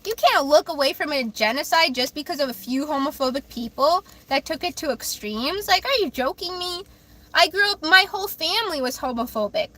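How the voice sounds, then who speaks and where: A bright, high-pitched woman streamer talks straight to her chat. She sounds heated and emphatic, swears freely and hammers the same points again and again. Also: animated, a little fast. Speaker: livestream host. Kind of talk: livestream talk reacting to chat.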